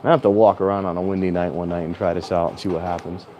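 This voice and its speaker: A man's voice: sits low, level tone, fast, muffled recording. A man vlogging in a casual, rambling way outdoors at a train station in strong wind, talking into a clip-on mic plugged into his phone and now and then raising his voice. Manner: rambling, chatty, self-correcting, sometimes raises his voice. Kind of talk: casual rambling vlog chat. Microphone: clip-on mic plugged into a handheld phone.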